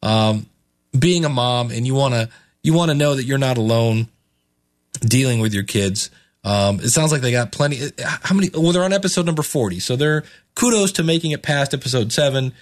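A man's voice: medium pitch, lively intonation, fairly quick. A man hosting a podcast in casual chat, rambling with many restarts and chuckles. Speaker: podcast host reviewing podcasts.

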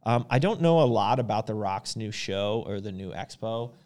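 A man co-hosts a laid-back podcast about supplements, his fairly low voice moving at a moderate pace. He rambles loosely, full of fillers and restarts.

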